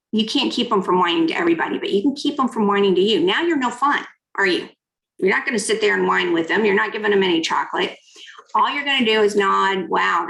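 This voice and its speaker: A woman gives an interactive online keynote on negotiation, coaching her audience through hand exercises and reading their typed comments aloud. Her voice is mid-range and a bit bright, and the audio is poor and reverberant.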